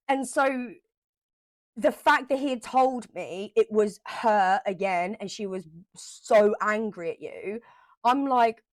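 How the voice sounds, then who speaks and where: This vlogger tells her personal story directly to the camera, emotional and animated, often repeating points for emphasis and occasionally swearing. She talks slowly in a mid-range voice, with no echo in the recording.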